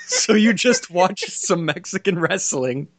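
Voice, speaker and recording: A man's voice: high-pitched, noisy background. A man hosting a casual podcast chat, teasing and jokey, laughing often. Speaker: podcast host.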